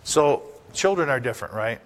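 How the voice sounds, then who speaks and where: A man's voice: medium pitch, expressive, moderate pace. An older man, a pastor, preaching a sermon in a folksy, anecdotal way, asking the congregation rhetorical questions.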